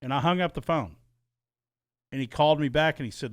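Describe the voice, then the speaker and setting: Profane, animated male podcast storyteller. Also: on the high side, a little fast, no room sound, studio quality. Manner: profane, animated storytelling with heated re-enacted quotes. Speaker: podcast co-host. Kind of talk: casual storytelling chat.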